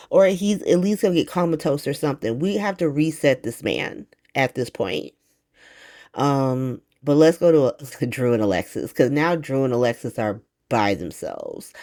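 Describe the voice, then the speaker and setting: Woman, casual soap recap vlog, slangy, profane, animated, low voice.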